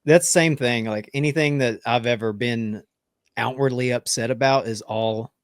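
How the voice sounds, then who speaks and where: A man's voice: medium pitch, normal speed, smooth, dry recording, studio quality. A man hosting a podcast, mostly chiming in with short agreements and laughing along. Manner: brief agreeing interjections and laughs. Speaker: podcast host. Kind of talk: casual chat.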